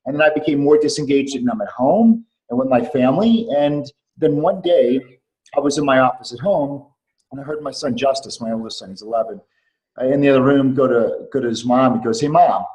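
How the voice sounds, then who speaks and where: A man's voice: mid-range voice, brisk, a little mellow, low-quality recording. Earnest man telling his story. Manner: earnest, repeats phrases, storytelling. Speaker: podcast guest, clinic doctor. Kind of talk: candid personal story. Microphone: remote call.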